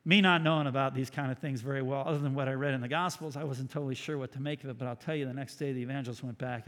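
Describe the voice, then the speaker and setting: A man preaching as pastor, telling a story dramatically and swinging from loud bursts to hushed, quiet lines. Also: medium pitch, fairly even intonation, quick pace, few pauses, long reverb tail. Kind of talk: sermon storytelling.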